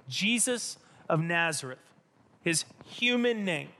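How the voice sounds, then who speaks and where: An animated male pastor preaches in a high, bright, forceful voice. He is emphatic and often repeats himself, and his words ring with a long reverb through a large hall. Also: measured pace. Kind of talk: sermon.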